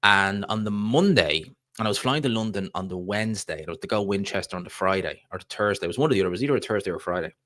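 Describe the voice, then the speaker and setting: A Dublin Irish man with a fairly low voice talks loosely and chattily on his live stream, drifting from point to point as he answers viewers. The sound is dry and close, with no room around it. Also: racing, fairly bright tone, no room sound. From Ireland. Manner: rambling, chatty, reads viewer comments aloud. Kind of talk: casual live-stream chat about boxing.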